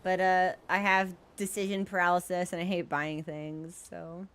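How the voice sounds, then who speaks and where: A woman's voice: on the low side, level tone, normal speed, fairly bright tone, clear, resonant tone. A young woman streaming a video game, chatting in a playful, giggly, rambling way. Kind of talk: casual gaming stream chat.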